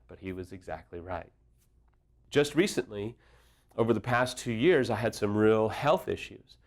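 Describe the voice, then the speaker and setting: Male counselor, mid-pitched voice, earnest and direct, conversational advice delivery. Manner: earnest, personal and direct, illustrates points with anecdotes. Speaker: affair recovery counselor.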